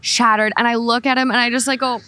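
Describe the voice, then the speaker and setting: A young woman from California, hosting a podcast and telling a travel story in lively, giggly casual chat. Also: fairly high pitch, quick pace, no echo. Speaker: podcast host.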